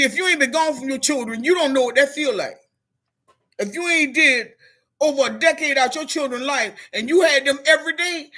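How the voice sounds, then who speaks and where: Her voice sits high, pushed and bright, as she testifies emotionally on a live stream. She's a middle-aged woman who works as a motivational speaker, recounting her story to viewers with heartfelt, preachy directness.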